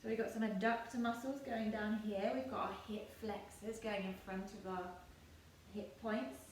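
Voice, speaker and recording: A woman in her thirties teaching yoga to children, giving gentle, playful, encouraging instructions. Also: medium pitch, steady tone, normal speed. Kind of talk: guiding a kids' yoga class. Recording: echoey room, distant mic, faint noise.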